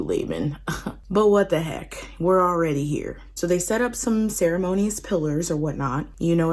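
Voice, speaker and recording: A woman's voice: sits low, a little mellow. A woman casually retelling a Bible story in a slangy, conversational way. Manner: slangy, conversational, laughing asides. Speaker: host retelling Bible stories.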